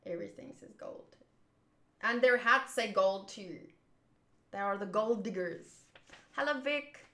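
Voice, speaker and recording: A woman's voice: mid-range voice, unhurried, bright, forceful tone. A woman hosting a manga readthrough, chatting and musing aloud as she reads. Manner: chatty, laughs and muses aloud. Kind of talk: casual reading and chat. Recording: roomy echo.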